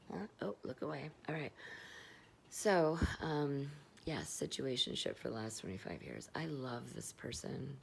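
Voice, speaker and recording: Stoned middle-aged woman rambling to camera, real low raspy voice, swears a lot. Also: darkish tone, a little hiss or hum. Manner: candid, rambling, swears freely. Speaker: vlogger. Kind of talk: confessional vlog monologue.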